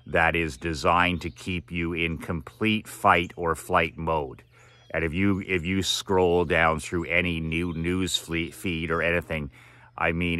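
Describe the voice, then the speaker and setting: A man's voice: deep voice, bright, forceful tone. A man giving a direct-to-camera motivational monologue, emphatic and repetitive with a preachy tone. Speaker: motivational speaker.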